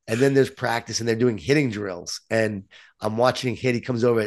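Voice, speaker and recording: A man's voice: medium pitch, brisk. A middle-aged man in casual conversation, telling parenting stories and acting out quotes. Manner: animated storytelling, acts out quotes. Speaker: parent guest.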